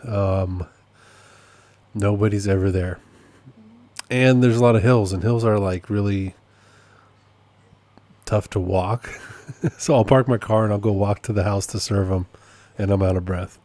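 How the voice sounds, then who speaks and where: Rambling, self-amused man, low mellow voice. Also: steady tone, a little slow, pauses often, dry recording. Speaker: podcast host and process server. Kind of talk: casual solo podcast update.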